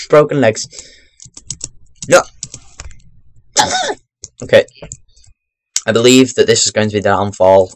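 Excitable young man commentating a game. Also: fairly low pitch, takes it slowly, pauses often, no echo. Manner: excitable, rambling, bursts into loud exclamations. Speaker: gaming commentator. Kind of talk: chatty let's-play commentary. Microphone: webcam microphone.

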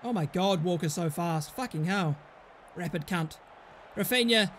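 A young man, commentating on his own football management game in an excitable, sweary way. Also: high-pitched, unhurried, a little hiss or hum. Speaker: gaming YouTuber.

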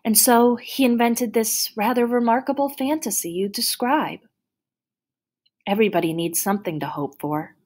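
A woman voicing a patient, kind, tired woman doctor who speaks softly, slowly and calmly. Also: fairly high pitch, pitched above the performer's own voice, lightly acted. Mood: gentle.

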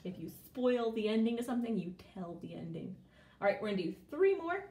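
A woman's voice: fairly high pitch, big pitch swings, fairly quick, warm tone, roomy sound, slight background noise. A woman teaching a phonics lesson to young children, stretching out sounds in a sing-song way.

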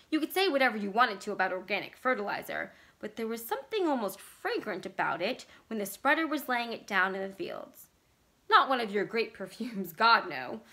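A woman from library staff reading a horror story aloud in a measured, expressive manner. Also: mid-range voice.

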